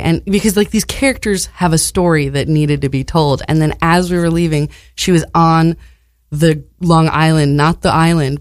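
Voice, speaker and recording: Woman co-host, lower voice, dry close sound, acts out every quote with big swings. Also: dry recording. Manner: animated, acts out quotes with big pitch jumps, swears. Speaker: podcast co-host. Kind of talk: casual storytelling chat.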